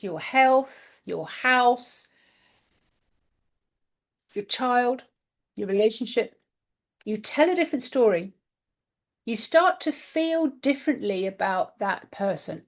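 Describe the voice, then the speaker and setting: Female host, somewhat high voice, chatty candid storyteller, casual monologue delivery. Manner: chatty, animated, candid with mild swearing. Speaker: spiritual channel host.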